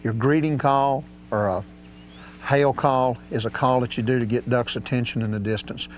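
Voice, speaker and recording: A man's voice: medium pitch, steady tone, normal speed. A man teaching duck calling in a folksy, drawling way. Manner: folksy and drawling, with casual grammar. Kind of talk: outdoor hunting instruction. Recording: slightly dull audio with faint hum.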